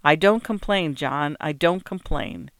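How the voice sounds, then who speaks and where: A man's voice: on the high side, measured pace, fairly bright tone, no room sound, studio quality. A man voicing a quavering, feeble old man. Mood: weary. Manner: weary, patient, old-fashioned rural speech.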